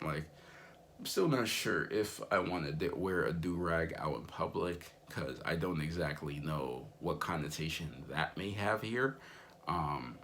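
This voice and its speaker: A man's voice: rumbling low, vocal fry, fairly bright tone, slight background noise. A young man vlogging in a rambling, laid-back way, full of fillers. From United States. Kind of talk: casual vlog monologue.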